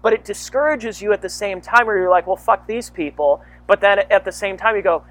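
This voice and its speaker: A man in his thirties, a comedian guest, chatting casually in a rambling way with halting restarts. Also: sits high, steady tone, fairly bright tone, dry recording. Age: 30s. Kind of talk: casual chat.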